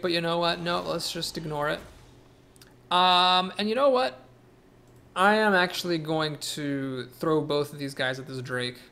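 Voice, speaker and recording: Casting: young adult man, gameplay commentator, gravelly, a bit high, thinks out loud, faint hiss behind. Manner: thinks aloud, weighs plays, self-corrects. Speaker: streamer playing a card game.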